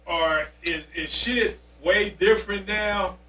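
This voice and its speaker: A man's voice: sits high, slow pace, bright, forceful tone, distant mic. A man musing and asking questions in a casual group chat.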